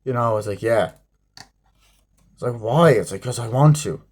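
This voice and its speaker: Profane rambling man reviewing a movie. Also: mid-range voice. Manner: profane, rambling, acts out scenes in quick snippets. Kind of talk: casual spoken review.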